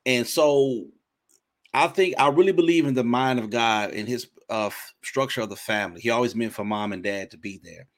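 A man's voice: mid-range voice, normal speed. A man in his forties hosting a faith interview, talking in an earnest, preacherly way and often repeating himself. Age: 40s. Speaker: interview host. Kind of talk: casual interview chat.

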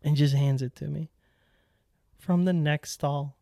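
A young man telling a casual, animated story as a powerlifting vlogger, acting out his own past lines with sudden excited jumps in voice. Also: takes it slowly, long pauses, no echo, studio quality. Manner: animated, quotes himself in excited high voice.

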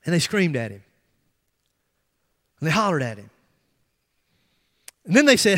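Man, middle-aged, pastor, sermon, high-pitched, emphatic storytelling, long church-hall reverb. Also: measured pace. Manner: storytelling, animated and emphatic, with repeated restarts. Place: church sanctuary.

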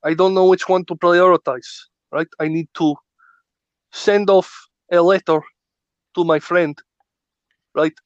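A man voicing a polite, flustered foreign man who speaks broken English with a put-on Russian accent and halting, apologetic phrasing. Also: sits high, fairly even intonation, no echo, muffled recording.

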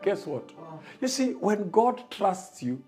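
A man's voice: high voice, big pitch swings, takes it slowly, dark tone, faint music behind. A man preaching a sermon, emphatic and repetitive, building his points.

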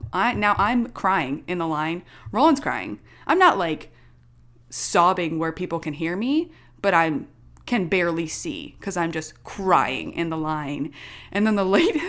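Chatty young woman, slightly low voice. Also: a little slow. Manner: animated, chatty, laughs often while telling. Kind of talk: casual chat, telling a personal story.

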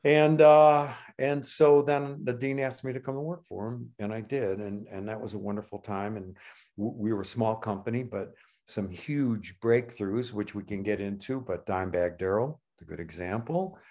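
An older man in his sixties recounting stories from his past with a lively, storytelling manner. He jumps into the voices of the people he quotes, keeping the chat loose and conversational. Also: lowish voice, moderate pace. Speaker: guest. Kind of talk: casual storytelling.

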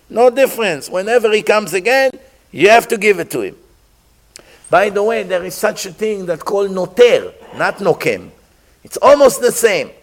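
A man teaching a Torah class, asking his listeners rhetorical questions and mixing Hebrew terms into his English. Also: high-pitched. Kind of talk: religious class.

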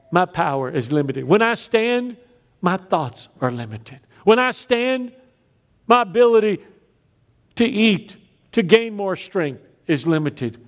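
A man preaching a sermon, telling stories with big swings between loud raised lines and quiet emphatic drops. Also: fairly high pitch. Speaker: pastor.

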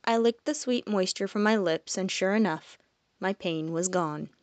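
Woman narrating a fantasy story, soft-spoken. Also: medium pitch, moderate pace, no echo. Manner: soft, drops quiet on reflective lines. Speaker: audiobook narrator. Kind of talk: first-person storybook narration.

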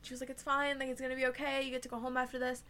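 Young woman, high bright voice, swearing a lot while venting about work, casual chat. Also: monotone, racing. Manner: profane, emphatic storytelling. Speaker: restaurant server.

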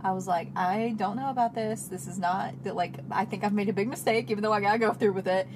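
A woman's voice: mid-range voice, fairly even intonation, fast. A young woman co-hosting a podcast, chatting in an easygoing way with dry asides. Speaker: podcast co-host. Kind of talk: casual chat. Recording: background noise.

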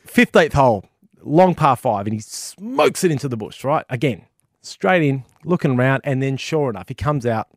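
Lively Australian podcast co-host, dry close sound, mid pitch. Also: male voice, normal speed, dry recording. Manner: lively, hyped-up storyteller. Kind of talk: casual chat, joke telling.

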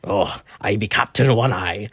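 A man playing a bumbling male pirate captain with a gruff growl and drawn-out words. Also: on the low side, fairly bright tone, no room sound, voice pushed down.

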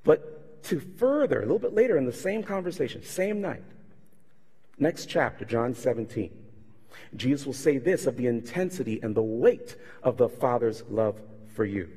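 Speaking at normal speed, a pastor with a medium-pitched voice and a breathy edge delivers a sermon in an echoing hall. His stories are lively, and he does impressions of the characters in them.

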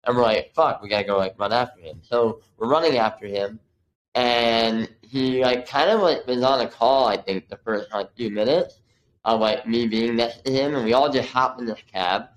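A man's voice: medium pitch, moderate pace, poor audio. A man in his thirties speaks as a guest on a casual interview podcast. He talks in a medium voice, spinning a story with lots of "like" fillers and bits of acted-out dialogue. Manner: animated, acts out quotes, many fillers like "like". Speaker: guest, videographer.

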